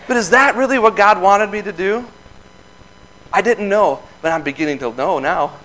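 A man's voice: high voice, moderate pace, bright, forceful tone, poor audio. Earnest man telling a folksy testimony. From Michigan. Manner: folksy, earnest storytelling with laughs. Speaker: lay speaker giving testimony. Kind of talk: informal sermon testimony.

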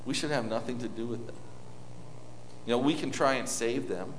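A male preacher talks to his congregation in a relaxed, storytelling way, stumbling and restarting as he goes. His voice sits at an ordinary pitch. It rings out through a large hall with a long, echoing reverb. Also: normal speed, a little hiss or hum. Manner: informal, anecdotal, with many restarts. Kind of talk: conversational sermon.

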